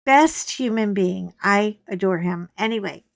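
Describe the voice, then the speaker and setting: A woman's voice: mid-range voice, unhurried, gravelly, no room sound, studio quality. A woman, probably middle-aged, chatting casually and frankly while she colors, telling a gossipy story. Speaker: coloring channel host.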